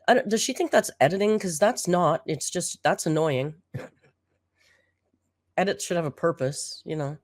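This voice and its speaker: A reaction channel host, slightly hoarse after being sick, offers sarcastic, dry commentary on a video in a low, somewhat mellow voice. She speaks a little slowly with long pauses, and the recording is close and dry with no room around it.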